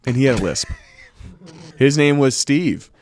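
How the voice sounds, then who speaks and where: A man co-hosting a casual comedic podcast, reading listener stories aloud in a steady, even way. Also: mid-range voice, unhurried.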